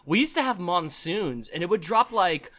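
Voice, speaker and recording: A man's voice: high-pitched, big pitch swings, normal speed, sharp tone. A man co-hosting a podcast, chatting casually with a playful, jokey manner. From California. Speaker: podcast co-host. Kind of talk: casual chat.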